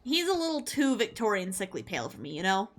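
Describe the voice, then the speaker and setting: A woman streaming a horror game, chatting casually with friends, loud, laughing and swearing freely. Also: medium pitch, very animated, quick pace. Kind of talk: casual chat while gaming.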